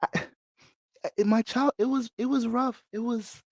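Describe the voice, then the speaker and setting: A man doing an impression of a soft-spoken male pop star with a gentle, angelic voice, speaking hesitantly. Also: extremely high pitch, fairly even intonation, no room sound, voice pushed up, full character voice. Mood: soft reflective. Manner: hesitant, halting, reflective.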